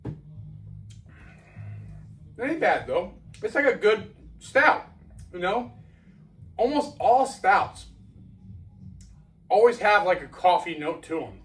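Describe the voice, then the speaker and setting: A man's voice: a little high, expressive, moderate pace, long pauses, distant mic, soft background music, poor audio. A man from Florida, casually reviewing a beer outdoors at night in a rambling, folksy way.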